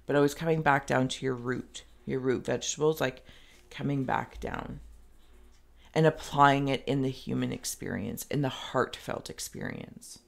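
Gravelly-voiced woman giving a rambling tarot reading. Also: very deep voice, normal speed. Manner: rambling and meandering, full of "like"; speaks directly to the viewer. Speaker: tarot reader.

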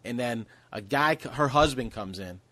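A man's voice: mid-range voice, normal speed, dry recording. A man co-hosting a comedy podcast, chatting casually and acting out the people in his stories. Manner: animated storytelling, acts out quotes. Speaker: podcast co-host.

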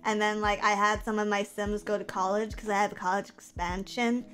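A young adult woman livestreamer chatting casually, reading viewer comments aloud and reacting in an animated, profane, self-mocking way. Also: medium pitch, fairly quick, faint music behind.

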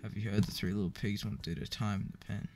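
A man reading a joke book aloud in a flat, weary way, with profane asides. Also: fairly low pitch, fast talker. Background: clear background music.

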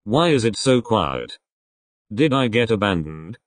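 A man's voice: lowish voice, sing-song, measured pace, dry recording. A man voicing a playful, clingy drunk young man who whines and pleads. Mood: whiny.

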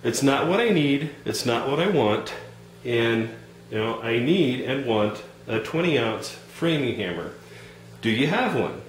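A man playing a calm, polite customer who hesitates and fills his sentences while growing frustrated in a comedy sketch. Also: medium pitch, a little slow, roomy sound, slight background noise, rough recording. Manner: calm, hesitant, over-polite, lots of fillers.

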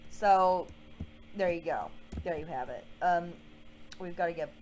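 A woman's voice: on the low side, a little slow, a little mellow, faint music behind. A young woman livestreaming a game, chatting casually, swearing a lot and mocking herself. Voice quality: frequent swearing, self-mocking asides. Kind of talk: casual livestream chat while gaming.

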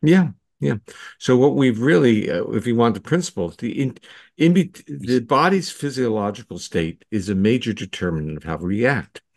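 A man with a fairly low voice walks through his ideas like a lecturer, steady and patient with occasional restarts. The sound is dry and close, with little room around it. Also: no echo. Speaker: guest scientist. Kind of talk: explanatory interview talk.

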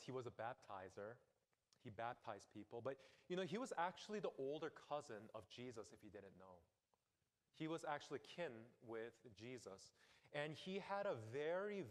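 Earnest male pastor in a reverberant hall. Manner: earnest, emphatic preaching with quiet, low asides. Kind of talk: sermon. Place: church sanctuary.

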